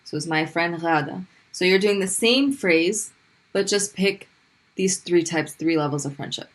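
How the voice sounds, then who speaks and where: Woman teaching Arabic sounds patiently. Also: on the low side. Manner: patient, repeats sounds slowly and clearly for drilling. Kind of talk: classroom lesson explaining pronunciation.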